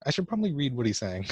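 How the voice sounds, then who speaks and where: A man's voice: medium pitch, a bit bright, breathy edge, dry recording. A young man giving casual let's-play commentary for a class vlog, awkward and joking at his own expense. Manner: awkward, self-mocking joking. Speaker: gamer doing a class vlog.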